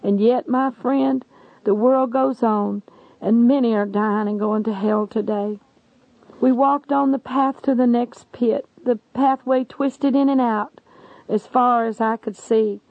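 A woman's voice: on the high side, steady tone, measured pace, no room sound. A woman preacher giving an earnest, imploring testimony sermon. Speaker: evangelist. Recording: dull lo-fi recording.

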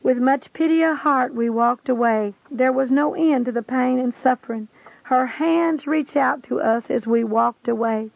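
Gravelly woman reading a testimony over a tinny line. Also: sits high, unhurried, no room sound. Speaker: reader of a religious testimony. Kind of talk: dramatic reading of a vision testimony. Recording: tinny phone-like lo-fi recording.

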